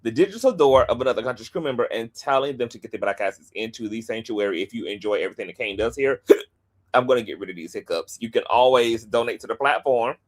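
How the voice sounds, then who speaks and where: A man hosting a livestream in a chatty, animated way, with playful asides and quick rundowns of channel plugs. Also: medium pitch. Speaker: host. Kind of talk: casual livestream commentary.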